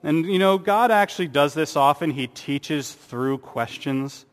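Pastor, male, slightly high voice, earnest sermon delivery, long hall reverb. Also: animated, unhurried, hardly any pauses. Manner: earnest preaching with rhetorical questions and mock-sarcastic asides.

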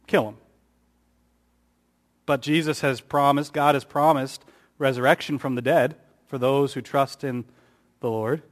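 A man's voice: fairly even intonation, unhurried, long pauses. A man preaching a sermon, who raises his voice for emphasis and acts out the quotes he reads. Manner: rises in pitch and volume for emphasis, acts out quotes. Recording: long hall reverb.

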